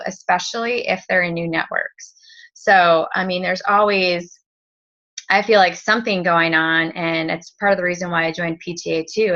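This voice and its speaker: A woman's voice: fairly low pitch, pushed and bright. A woman in her thirties giving a casual training talk as a direct-sales team leader, rambling with lots of fillers and restarts. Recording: dull lo-fi recording.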